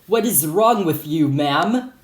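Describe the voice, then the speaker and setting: A man's voice: on the high side, animated, takes it slowly, reverberant. A man voicing an angry male campus security guard who scolds with a thick Hispanic accent. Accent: Hispanic-accented English. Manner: shouting, scolding.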